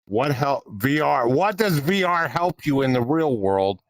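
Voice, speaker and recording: A man's voice: mid-range voice, expressive, unhurried, no echo. A man co-hosting a podcast in casual chat, rambling and stumbling over his questions. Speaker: podcast co-host.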